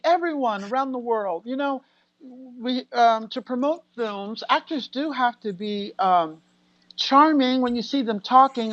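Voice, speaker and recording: An American actress talking casually as a guest in an interview, animated and laughing often as she acts out what people said. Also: fairly high pitch, no room sound, dull audio. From United States. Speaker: guest actor.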